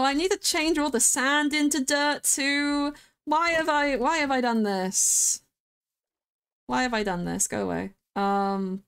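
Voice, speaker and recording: A woman streamer with a smooth, mid-range voice chats casually through her gameplay, quick to get excited and squealing whenever she meets an animal.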